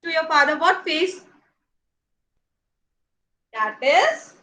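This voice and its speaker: A woman's voice: sits high, expressive, slow, sharp tone, rough recording. A young woman with an Indian English accent teaching small children in an online class, playful and coaxing, asking lots of questions and laughing often. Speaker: nursery teacher.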